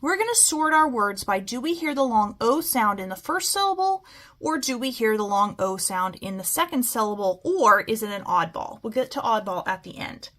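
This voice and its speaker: A woman's voice: on the high side, big pitch swings, fairly bright tone. A woman teaching a phonics lesson to children, stretching out words as she models them. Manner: slow, stretched-out word modeling.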